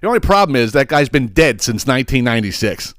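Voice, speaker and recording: A man's voice: mid-range voice, sing-song, fast talker, fairly bright tone, no room sound, clean studio sound. A man hosting a podcast, ranting about politics with heavy swearing and repeated words. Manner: emphatic, swearing, repeats himself. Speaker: podcast host. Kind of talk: profane political rant.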